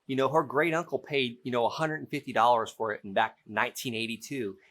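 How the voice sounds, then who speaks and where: A middle-aged man teaching real estate by acting out a phone negotiation as a lively story. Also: mid-range voice, fast. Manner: animated storytelling, playful role-play. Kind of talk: teaching through an acted-out example.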